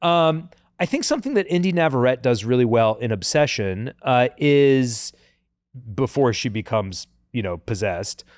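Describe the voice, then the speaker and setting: A man co-hosting a podcast, chatting casually in an animated, joking way with lots of fillers. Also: medium pitch, dry recording, studio quality. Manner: animated, jokey, puts on quick voices, many fillers. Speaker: podcast co-host. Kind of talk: casual chat.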